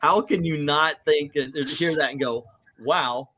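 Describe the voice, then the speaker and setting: A middle-aged man hosting a casual comic book livestream, animated and acting out quotes in little voices. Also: fairly high pitch, moderate pace. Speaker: comic book show host.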